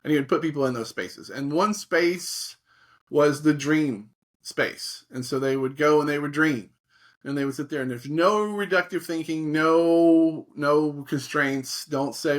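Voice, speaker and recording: A man's voice: fairly high pitch, unhurried. A middle-aged man in a conversational interview, telling stories as a creativity facilitator and acting out the reactions he quotes. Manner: animated storyteller, acts out quoted reactions.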